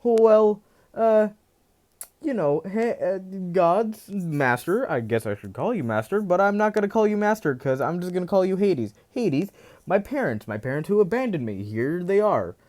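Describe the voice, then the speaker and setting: A man voicing an unhinged young male hero, loud and mocking as he tells a fan story aloud. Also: high-pitched, sing-song, normal speed, pitched above the performer's own voice. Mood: manic glee. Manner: loud, mocking, laughing wildly.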